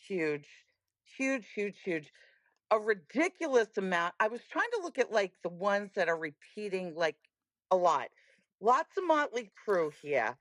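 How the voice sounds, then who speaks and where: A woman guest on a chat podcast, telling animated stories with lots of emphasis. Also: lowish voice, no room sound. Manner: lively storyteller, animated and emphatic. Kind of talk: casual chat.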